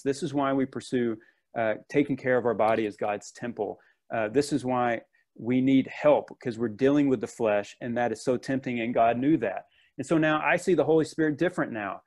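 A man's voice: medium pitch, a little mellow. Earnest conversational male preacher. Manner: earnest, conversational with fillers and restarts. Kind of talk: sermon.

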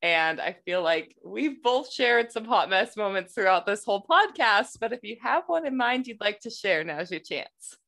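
A woman's voice: mid-range voice, animated, moderate pace, vocal fry, hardly any pauses, fairly bright tone. A woman hosting a podcast who thanks her guest and invites a story in an enthusiastic, affirming way. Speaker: podcast host. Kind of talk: casual interview.

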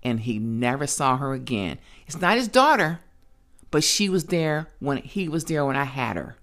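A grandmother with a notably low-pitched voice shares her own story as a guest on a podcast. She talks bluntly and emphatically, in plain everyday words, and doesn't soften them. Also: big pitch swings, normal speed. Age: older. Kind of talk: personal testimony in conversation.

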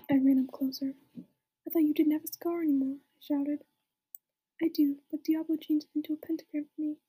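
Deadpan high-voiced woman reading aloud. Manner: mock-serious, deadpan, with mocking asides. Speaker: reader. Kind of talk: comic dramatic reading.

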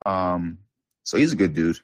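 A man's voice: deep voice, expressive, a little slow, dry recording. A young man co-hosting a podcast, chatting casually about basketball in a loose, rambling, slangy way with lots of fillers. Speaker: podcast co-host. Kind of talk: casual sports chat.

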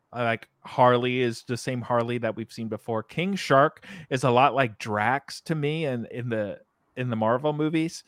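A man on a podcast talks casually about games at a middling pitch, circling his point with ums and restarts. His voice is recorded close and dry, with no room sound. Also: fairly bright tone, dry recording. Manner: rambling, many fillers and restarts. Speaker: podcast co-host. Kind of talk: casual video game discussion.

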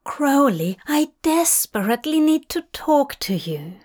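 A woman's voice: a little high, sing-song, slow, full character voice. A woman voicing a fussy, earnest male angel who stammers and pleads in a storybook reading. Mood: flustered pleading.

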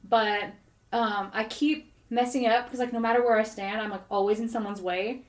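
A woman's voice: on the high side, moderate pace. A woman co-hosting a podcast, animatedly retelling a dream in casual chat and leaning on "like" as she goes. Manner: rambling, animated storytelling full of "like". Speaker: podcast co-host. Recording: roomy echoey recording.

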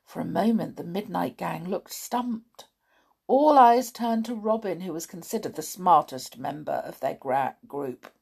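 Brief: woman storyteller, dramatic children's book reading, very lively pitch. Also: a little slow, creaky, husky. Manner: expressive, dramatic.

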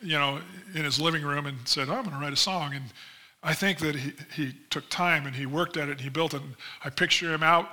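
A man preaching a sermon as pastor, in a conversational style with frequent asides, acting out quoted voices animatedly. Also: fairly quick. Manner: animated storytelling, acts out quoted voices with big pitch jumps; conversational, many "you know" asides.

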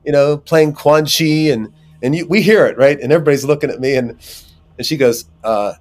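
A man being interviewed as an actor, telling rambling, animated anecdotes with many fillers. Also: fairly high pitch, a little fast. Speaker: actor guest. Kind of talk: casual interview storytelling.

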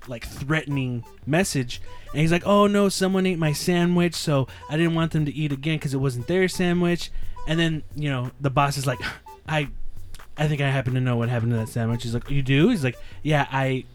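A man rambling through a long story in casual podcast chat, swearing freely. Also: medium pitch. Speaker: podcast co-host.

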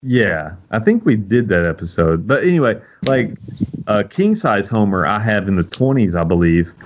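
Young male co-host, low and lively, rambling, lo-fi sound. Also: normal speed, background noise. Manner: rambling, searching for words. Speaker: podcast co-host. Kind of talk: casual chat. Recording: dull lo-fi audio.

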